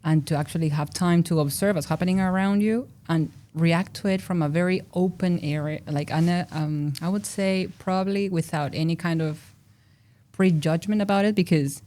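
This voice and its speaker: A young woman with a Mexican accent, a native Spanish speaker, chatting expressively as a podcast guest who laughs loudly and talks a lot. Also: on the low side, moderate pace. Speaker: guest researcher. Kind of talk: casual podcast interview.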